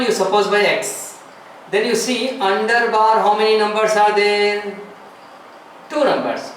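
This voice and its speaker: A man's voice: sits high, a bit bright. A man teaching a classroom math lesson, explaining step by step, repeating phrases and asking rhetorical questions. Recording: echoey room, far from the mic, faint noise.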